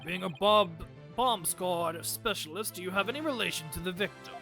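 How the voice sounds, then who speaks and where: A woman's voice: lowish voice, normal speed, gravelly, fairly bright tone, soft background music. A woman voicing a fussy, easily flustered elderly male judge in a courtroom game. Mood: bemused.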